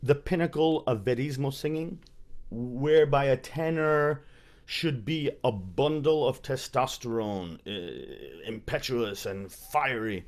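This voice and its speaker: A man giving a webinar lecture as a voice teacher, in a measured and emphatic teaching delivery. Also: a little mellow. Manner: demonstrates by speaking and singing on higher pitches.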